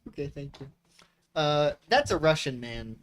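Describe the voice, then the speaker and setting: A man's voice: on the high side, lively intonation, measured pace. A man running a tabletop game as game master, playful and laughing often.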